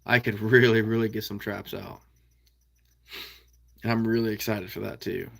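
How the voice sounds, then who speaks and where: A man's voice: lowish voice, fairly even intonation, moderate pace, vocal fry. A young man from the American Midwest hosting a trapping live stream, chatting casually and answering viewers by name with frequent laughs. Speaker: trapping channel host reading live chat.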